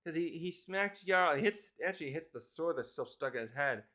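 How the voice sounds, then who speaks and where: A man's voice: a little high, animated, a little fast, pushed and bright. Rambling man reviewing a comic chapter. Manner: rambling, thinks aloud and corrects himself. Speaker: manga reviewer.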